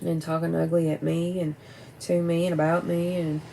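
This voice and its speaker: A woman's voice: on the low side, level tone, moderate pace, creaky, mellow, a little hiss or hum, low-quality recording. A middle-aged woman talking candidly and bluntly to camera at home, rambling and swearing now and then. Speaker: vlogger. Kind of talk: casual personal talk to camera. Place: at home by a window at night.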